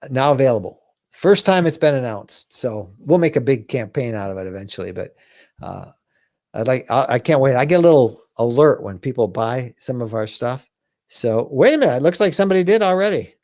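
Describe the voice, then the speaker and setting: A man's voice: medium pitch, a little mellow, no room sound, clean studio sound. A middle-aged man hosting a live RV question-and-answer stream, chatty and upbeat, thanking viewers by name. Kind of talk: casual live-stream chat.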